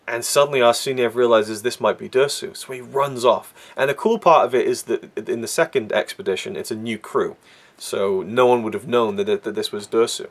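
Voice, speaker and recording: A man's voice: mid-range voice, fairly quick. A man talking earnestly and with feeling as he reviews a film, with frequent restarts and fillers. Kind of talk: casual film review monologue.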